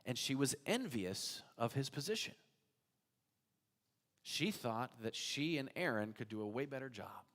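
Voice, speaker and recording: A man preaching a sermon as pastor, telling a story in an animated way. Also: medium pitch, unhurried. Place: church sanctuary. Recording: church hall reverb.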